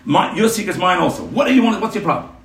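A stingy rich older man, nervous and earnest as he presses his oldest friend, as a man puts him on in a story. The voice sits a little low and hushed. It is caught by a mic set back in a roomy space. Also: lively intonation, fast talker, vocal fry, a little hiss or hum. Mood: pressing. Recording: roomy room, mic at a distance.

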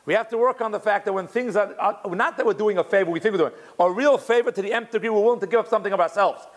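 Rapid-fire and high-pitched, a man animatedly explains Torah commentary to his class. He keeps breaking off to restart and uses Hebrew terminology throughout.

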